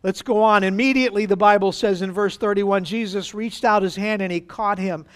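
A pastor preaching a sermon to his congregation, with dramatic pauses and acted-out quotes. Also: high voice, steady tone, clean tone.

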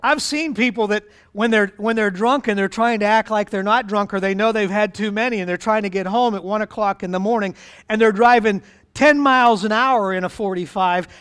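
Middle-aged male pastor, high resonant voice, chatty sermon with asides. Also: fairly bright tone, smooth. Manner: conversational preaching with asides and acted-out voices.

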